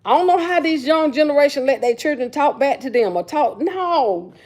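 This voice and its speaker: Middle-aged woman, livestream host; brash slangy storyteller, pitched a little high. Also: lively intonation, moderate pace, a little mellow. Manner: blunt, sassy storytelling with slang. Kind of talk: casual livestream chat.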